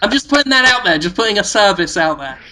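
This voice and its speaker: Bright, giggly man. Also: high-pitched, sing-song, fast. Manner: playful, silly, giggly storyteller. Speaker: podcast co-host. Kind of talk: casual chat.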